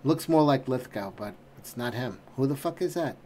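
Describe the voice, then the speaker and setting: A man's voice: medium pitch, animated, moderate pace, loud music behind the voice. A middle-aged man hosting a trailer reaction, ranting in exasperation and swearing constantly. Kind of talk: profane ranting commentary.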